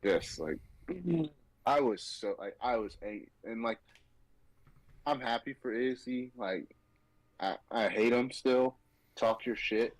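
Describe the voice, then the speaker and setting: Brief: mid-pitched male host, sarcastic and animated, dry studio sound. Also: slow, long pauses, dry recording, low-quality recording. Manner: animated, mocking, quotes people in sarcastic voices. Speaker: podcast host. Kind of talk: casual sports betting chat.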